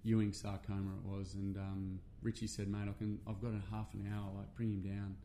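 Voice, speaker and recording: A man's voice: on the low side, monotone, brisk, dark tone, a little hiss or hum. A middle-aged Australian man, a men's workshop facilitator, telling a personal story in casual, earnest talk with plenty of fillers and swearing.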